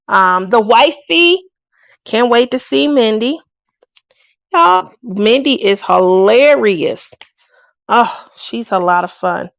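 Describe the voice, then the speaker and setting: A chatty woman host talks to her craft viewers in a casual, laughing way. Her voice sits a little high with a gravelly edge. The sound is dry and close. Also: dry recording. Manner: chatty, laughs often, lively asides.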